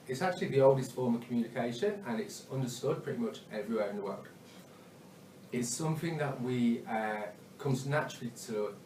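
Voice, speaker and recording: A man's voice: medium pitch, darkish tone, a little hiss or hum. Hesitant male sales trainer, echoey room. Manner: hesitant, many ums and uhs, frequent "okay?" check-ins. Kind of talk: spoken training talk. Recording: echoey room, mic at a distance.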